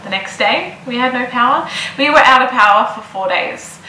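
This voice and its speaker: Young mum-to-be vlogging, bright forceful voice, echoey room. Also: female voice, a little high, animated, normal speed, a little hiss or hum. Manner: chatty, repeats words for emphasis. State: heavily pregnant. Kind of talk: casual pregnancy vlog.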